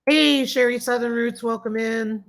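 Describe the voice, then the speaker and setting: A woman's voice: a little high, fairly even intonation, measured pace, creaky. A woman hosting a casual live stream, greeting viewers by name, reading chat comments aloud and gushing with thanks. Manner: gushing and grateful toward viewers. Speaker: livestream host.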